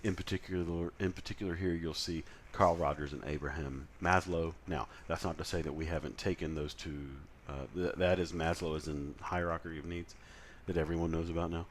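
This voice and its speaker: A man's voice: low-pitched, steady tone, brisk, few pauses, a little hiss or hum. A man lecturing in a conversational way, with frequent fillers and self-corrections. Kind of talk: recorded lecture.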